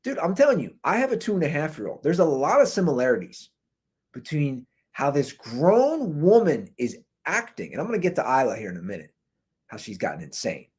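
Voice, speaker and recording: A man in his thirties hosts his podcast and rants in a loose, animated way. His pitch swings widely, and his voice sounds husky. It was picked up by a plain computer mic. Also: fairly quick. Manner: animated, conversational ranting, says "dude" and "man" often. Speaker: podcast host. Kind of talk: ranting commentary. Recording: recorded through a computer mic.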